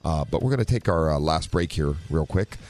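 A man's voice: very deep voice, lively intonation, brisk, a little mellow. A man hosting a car talk radio show, laid-back and agreeable, with frequent fillers as he introduces segments. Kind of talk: casual talk radio banter.

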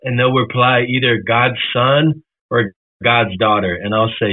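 A man's voice: mid-range voice, steady tone, unhurried. A man from Florida, a musician guest in a radio interview, talking earnestly and reflectively, at times emotional. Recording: tinny phone line.

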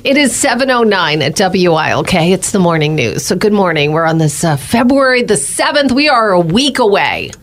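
A woman's voice: on the low side, sing-song, normal speed, few pauses. A woman co-hosting a morning radio news show, chatty and teasing, laughing easily. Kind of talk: casual morning radio banter.

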